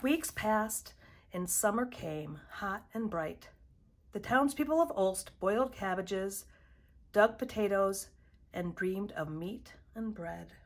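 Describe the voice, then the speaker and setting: A woman reading a children's picture book aloud in a measured storytelling voice. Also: medium pitch, animated. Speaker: storybook reader.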